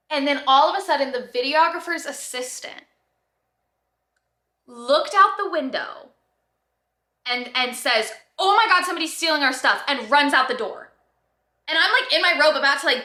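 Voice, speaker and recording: Young woman vlogging, high bright voice, lots of "like", roomy echo. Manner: animated, breathless storytelling with lots of "like". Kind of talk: casual storytelling. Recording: echoey room.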